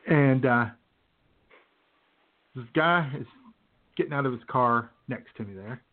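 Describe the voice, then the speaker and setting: A man's voice: mid-range voice, a little slow. Host guy telling a funny story, laughs a lot, sounds like a phone line. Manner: laughing through his anecdote, with restarts. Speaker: show host. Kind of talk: casual chat, storytelling. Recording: phone-quality audio.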